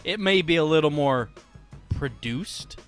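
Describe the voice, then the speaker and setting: A man's voice: on the high side, animated, a little slow, soft background music. A man co-hosting a podcast in casual chat, joking and blunt, with some swearing. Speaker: podcast co-host.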